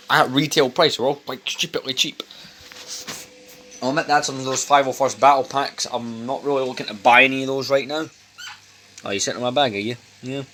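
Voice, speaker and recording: A young adult man vlogs at home over dinner, chatting casually to camera in a rambling, blunt, sweary way. His voice is mid-range and a bit bright, with a little hiss or hum in the background.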